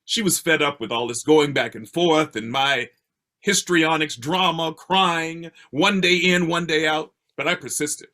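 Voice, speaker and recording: An older man from Baltimore telling a personal story with a theatrical, expressive delivery, heard over a video call. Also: measured pace. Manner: expressive, theatrical delivery with swings in pitch and pace.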